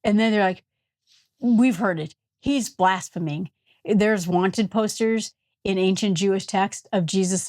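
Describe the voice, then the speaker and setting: A woman's voice: on the low side, darkish tone, no echo. Woman, Upper Peninsula Michigan accent, Bible study host, conversational, dry close sound. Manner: conversational, retells scenes with asides. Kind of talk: casual Bible teaching.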